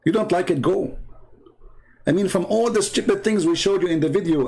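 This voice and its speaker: A man's voice: high voice, fairly quick, gravelly, a little mellow. A man from the Middle East with an Arabic accent, a native Arabic speaker, hosting a live stream in a mocking, sarcastic rant. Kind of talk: casual livestream monologue.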